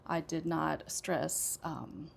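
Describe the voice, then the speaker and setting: An American woman teaches English pronunciation at an unhurried, patient pace, with a gravelly, slightly low voice. She repeats example sentences with deliberate emphasis on key words. A faint hiss of background noise sits under the recording.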